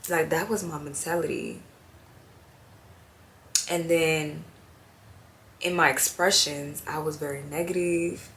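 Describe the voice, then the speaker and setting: A young woman in her twenties talking to the camera in a personal confessional vlog, slow and heartfelt, trailing off with fillers and tearful at times. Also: sits low, steady tone, a bit bright. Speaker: vlogger.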